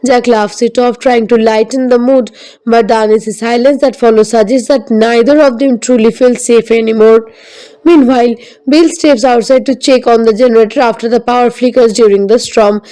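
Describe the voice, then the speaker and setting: Higher-pitched woman narrating with a mellow tone. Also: fairly even intonation, normal speed, poor audio. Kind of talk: scripted film recap narration.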